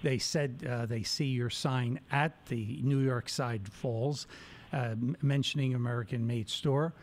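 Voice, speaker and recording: A man hosting a radio talk show, warm in his praise of a guest. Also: mid-range voice, steady tone, a little slow. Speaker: radio host.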